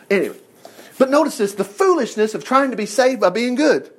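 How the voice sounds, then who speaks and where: Animated high-voiced male preacher. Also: moderate pace, slightly rough. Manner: animated, acts out churchgoers' voices. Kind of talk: sermon.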